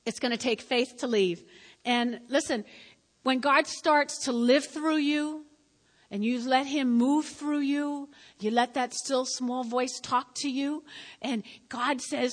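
A woman pastor preaching a sermon to her congregation. She speaks emphatically, repeats her key lines, and swings between loud and quiet. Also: high-pitched, steady tone, slow. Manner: emphatic and repetitive, addressing the congregation directly. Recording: long reverb of a church hall.

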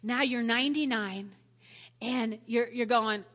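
Woman preacher, animated sermon, acts out voices; bright tone, echoing hall. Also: on the high side, a little slow. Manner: animated, acts out voices of biblical figures with laughs. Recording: long hall reverb.

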